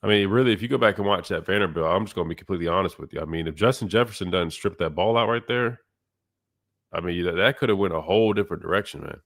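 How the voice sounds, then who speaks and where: A man's voice: low-pitched, fast, creaky, a bit bright, dry recording. Male sports radio host, congested nasal voice, loose rambling delivery, dry close sound. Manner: casual, rambling, many fillers.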